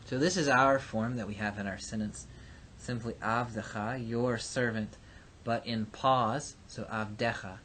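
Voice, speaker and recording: A man teaching a recorded lesson, explaining patiently with frequent pauses and fillers. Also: mid-range voice, a bit bright, a little hiss or hum. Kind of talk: recorded lecture.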